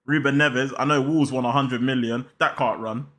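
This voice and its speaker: A young man chats about football in a loose, slang-filled way. He talks straight to his viewers with hype and energy, at an everyday pitch. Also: fairly even intonation, moderate pace, a bit bright. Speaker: football channel host. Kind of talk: casual football vlog chat.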